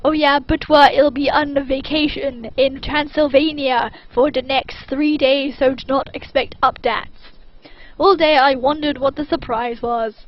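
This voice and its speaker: A woman reads fan fiction aloud in a deadpan, mock-serious way. Her voice is high. The recording is muffled and lo-fi. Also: measured pace. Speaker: reader. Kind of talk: dramatic reading of fan fiction.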